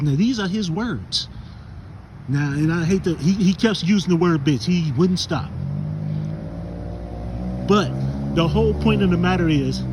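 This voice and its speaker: A man's voice: fairly high pitch, moderate pace, background noise. A man from Chicago preaching a casual walk-and-talk sermon outdoors, recording himself on a phone as he walks to the store. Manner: preachy, recounts and warns with scripture. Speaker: street preacher.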